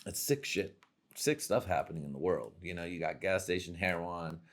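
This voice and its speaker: A man's voice: low voice, normal speed. A young man hosting a comedy podcast, delivering a crude, rambling monologue full of swearing and laughing at his own jokes.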